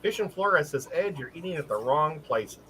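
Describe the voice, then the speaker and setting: A man with a high, bright voice that swings widely as he tells stories. He chats on a live show in an animated way and laughs easily. Faint hiss sits underneath. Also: brisk, low-quality recording. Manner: animated storyteller who laughs often. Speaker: livestream co-host. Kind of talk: casual live-stream chat.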